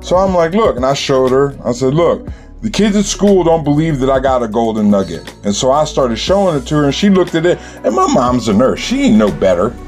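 A man's voice: medium pitch, big pitch swings, a little fast, a little mellow, soft background music. A man telling a childhood story in casual, streetwise slang, with lots of "you know.".

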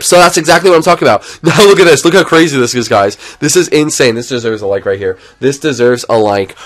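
Young man, live game streamer, chatty, excitable, loud outbursts, mid-range voice. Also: mid-range voice, a little fast. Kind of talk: live gameplay commentary.

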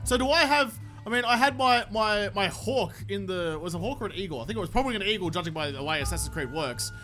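An Australian man commentating his gameplay, excitable, joking and swearing a lot. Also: high-pitched, quick pace, faint music behind. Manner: excitable, profane, jokey. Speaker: gaming YouTuber. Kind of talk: let's play commentary.

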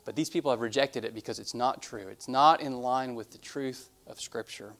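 Pastor guy preaching, gravelly voice, leans hard on repeated words. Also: mid-range voice, normal speed, fairly bright tone. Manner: earnest, emphatic preaching with repeated phrases. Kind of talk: sermon. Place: church sanctuary.

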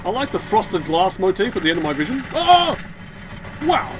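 Excitable sweary gamer guy, high lively voice. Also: fast. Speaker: let's play gamer. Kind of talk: casual gaming commentary. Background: game music and sounds.

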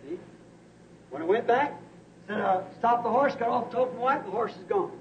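Man preaching, real high voice, hushed one sec then shouting, muffled old tape w/ faint hiss. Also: normal speed. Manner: emphatic, swings from hushed to shouting; storytelling with repeated "said". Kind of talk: sermon. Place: church service.

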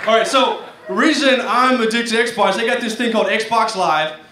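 A man's voice: very high-pitched, moderate pace. A young man from Arkansas doing a stand-up set, rambling and self-mocking with lots of fillers. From Arkansas, United States. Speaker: stand-up comedian. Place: comedy stage. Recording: echoey room from far, clear noise.

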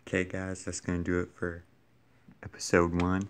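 A man filming a casual vlog on his phone, muttering in a deadpan, self-mocking way. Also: deep voice, normal speed, a little hiss or hum. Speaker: vlogger. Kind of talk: casual toy unboxing vlog. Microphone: phone camera.

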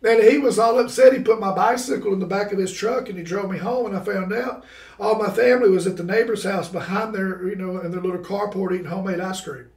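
A man, a podcast guest, telling a personal story with lively, laughing energy and casual exclamations like "bro". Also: sits high, fast talker. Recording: roomy sound from a distant mic.

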